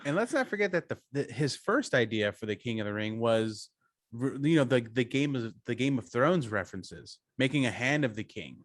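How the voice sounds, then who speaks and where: Casting: male co-host, lively pitch, stumbles and restarts, playful, dry mic. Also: no echo. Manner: halting, restarts often, playful interjections. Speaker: podcast co-host. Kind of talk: casual chat.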